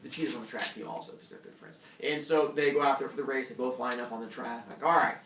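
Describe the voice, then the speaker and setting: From a distance in an echoey classroom with background noise, a young male teacher lectures fast in a mid-range voice. Jokey and playful, he weaves in stories and acts out animal characters with funny voices.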